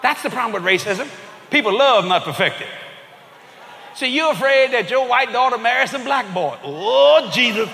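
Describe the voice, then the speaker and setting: High-voiced preacher guy hollering and cracking jokes, big swoopy voice, echoey hall with a crowd. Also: animated, normal speed. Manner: exuberant, shouting, laughing, acting out voices. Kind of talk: comedic sermon. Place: large church auditorium.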